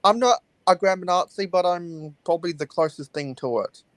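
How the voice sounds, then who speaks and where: A man's voice: sits high, normal speed, dry recording, low-quality recording. A man chatting on a live stream, hesitant and wry, with many fillers before dry punchlines. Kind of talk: casual live-stream chat.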